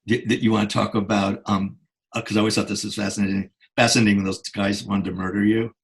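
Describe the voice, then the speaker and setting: An older man co-hosting a casual chat, chiming in with quick comments and agreement. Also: lowish voice, level tone, creaky. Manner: quick interjections and affirmations. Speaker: podcast co-host. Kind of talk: casual conversation.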